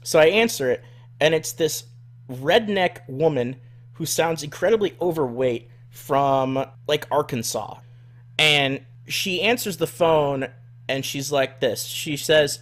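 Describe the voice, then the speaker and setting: A man, a gaming streamer, telling a story in a vlog, animated and exasperated, swearing a lot. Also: on the high side, takes it slowly.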